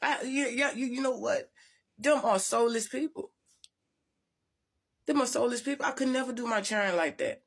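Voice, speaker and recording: A woman's voice: on the high side, moderate pace, creaky, pauses often. Lady vlogging her story, blunt n cussing a lot, keeps restarting her sentences. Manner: blunt, profane, rambling with many restarts. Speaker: spiritual vlogger. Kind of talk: casual storytelling to viewers.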